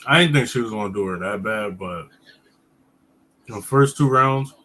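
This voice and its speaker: A man co-hosting a podcast, giving calm, short, measured remarks in casual chat. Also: fairly low pitch, low-quality recording. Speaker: podcast co-host.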